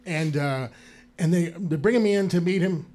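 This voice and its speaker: A man from Georgia with a noticeably high voice, trading wisecracks and stories on a live stage. His delivery is loose and jokey. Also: a little mellow. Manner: jokey, quick interjections and wisecracks. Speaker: guest actor. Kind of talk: casual storytelling. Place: live stage before an audience.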